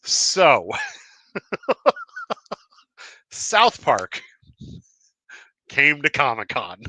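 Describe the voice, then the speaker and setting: A man's voice: medium pitch, slow pace, pushed and bright, no echo. Laughing, upbeat male comics podcaster. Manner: enthusiastic, laughs often, many fillers and restarts. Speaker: podcast host. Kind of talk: casual live-stream chat.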